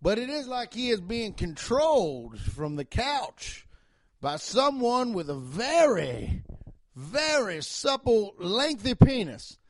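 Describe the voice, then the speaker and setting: Man doing a Southern sheriff, drawling, loud preachy pep talk, high-pitched, swoops up. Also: very animated, slow, no echo, full character voice. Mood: blustering. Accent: Southern US (put on). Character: blustering Southern small-town sheriff briefing his men. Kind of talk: improvised video game character monologue.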